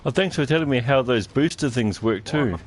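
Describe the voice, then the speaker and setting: A man chatting and joking with friends while playing a game, excitable and playful. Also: medium pitch, brisk, a little hiss or hum. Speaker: gamer on a stream. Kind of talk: casual chat while gaming.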